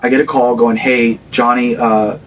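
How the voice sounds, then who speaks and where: A man in his thirties, a rock band frontman guest, telling a story in casual conversation, animated and swearing, acting out the voices he quotes. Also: mid-range voice, moderate pace, recorded from a distance, a little hiss or hum, rough recording.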